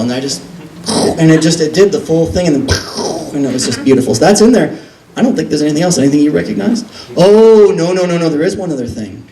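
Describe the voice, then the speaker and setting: A man with a somewhat high voice tells a self-mocking story at a live reading, animated and swearing freely. The sound is roomy and echoey, picked up from a distance. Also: brisk. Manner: animated, self-deprecating, profane. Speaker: author reading from his book. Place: record store reading event. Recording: roomy echo, distant mic.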